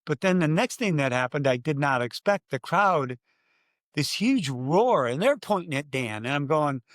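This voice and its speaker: An older man, a former race announcer, telling stories in an interview and acting out his own loud calls. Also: fairly high pitch, normal speed, no room sound, studio quality. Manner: animated storyteller, acts out his own calls loudly. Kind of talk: conversational storytelling interview.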